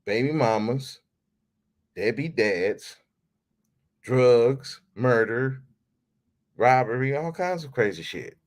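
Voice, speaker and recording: Animated ranting podcast host, man. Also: mid-range voice, slow pace, long pauses. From United States. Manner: animated, ranting, swears freely, repeats himself. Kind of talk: casual ranting commentary.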